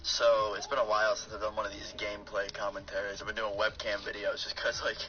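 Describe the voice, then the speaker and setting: Talking fast in a lowish monotone, a young man rambles through a personal story on YouTube over his gameplay commentary, stumbling into fillers and restarts. A dull lo-fi mic picks him up along with clear background noise.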